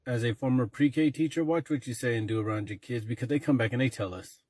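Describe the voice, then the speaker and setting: A young man tells comic classroom stories with lots of energy and quick switches into other voices. His voice sits at an ordinary middle pitch. The sound is dry and close, with no room echo. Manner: animated, switches between narration and acted kid and parent voices. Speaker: comedy sketch creator playing a teacher. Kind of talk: comedic sketch storytelling.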